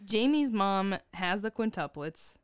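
Chatty giggly woman on a podcast, smooth clear voice, dry close sound. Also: medium pitch, lively intonation, a little slow, no echo. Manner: giggly, chatty, laughs often. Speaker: podcast co-host. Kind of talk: casual chat recapping a movie.

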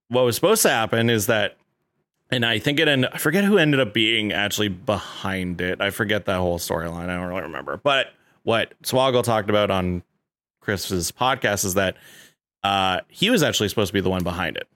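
A man's voice: lowish voice, lively intonation, brisk, fairly bright tone, dry recording, clean studio sound. A man hosting a casual podcast chat, rambling with lots of fillers and restarts and laughing often.

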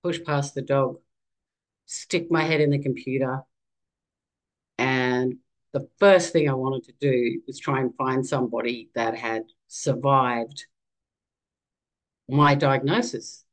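An Australian woman in her fifties, a podcast guest telling her own story in a candid, animated conversational way. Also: a bass voice, takes it slowly, long pauses, rough recording. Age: 50s.

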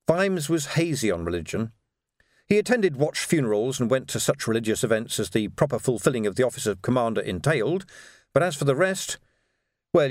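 A man reading a novel aloud as audiobook narrator, in a dry, measured storytelling manner. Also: medium pitch, no echo. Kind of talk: scripted narration.

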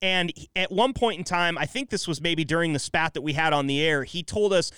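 A man's voice: a little high, fairly quick, a bit bright, clear, resonant tone, no echo. A man hosting a podcast in casual chat, blunt and irritated, swearing freely into a close mic. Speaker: podcast host.

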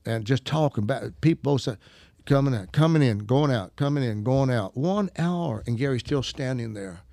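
A man's voice: mid-range voice, normal speed, gravelly, no echo. A man casually telling a story, acting out the people in it and laughing often. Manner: animated, acts out quoted voices, laughs often. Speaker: guest storyteller.

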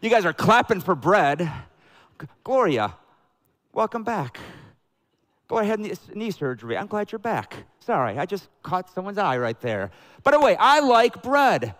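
A man with a Southern American accent preaching a sermon to his church, telling jokey stories with bursts of excitement. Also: high voice, moderate pace. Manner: jokey, animated storytelling with bursts of loud excitement. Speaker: pastor. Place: church sanctuary with a congregation.

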